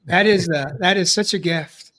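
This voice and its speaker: A man's voice: high voice, normal speed, sharp tone. A man hosting a live discussion show, talking in an affirming, encouraging way. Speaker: podcast host.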